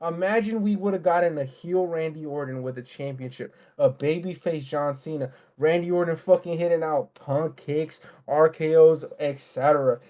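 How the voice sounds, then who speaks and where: A man's voice: fairly high pitch, warm tone. Fired-up profane man ranting. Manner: heated, profane, fast ranting. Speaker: podcast co-host. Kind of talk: casual wrestling podcast rant.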